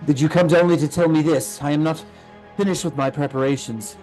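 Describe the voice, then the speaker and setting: Unhinged old noblewoman, fussy and rambling, shrill outbursts, put on by a man. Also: fairly even intonation, brisk, a little mellow, soft background music, lightly acted. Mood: imperious.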